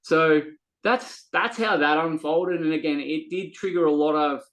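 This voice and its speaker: A man's voice: on the high side, measured pace, fairly bright tone, poor audio. A man, a guest on a podcast, talking earnestly and from the heart in a casual, story-telling way, sometimes repeating words as he looks for them. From Australia. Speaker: podcast guest, men's coach.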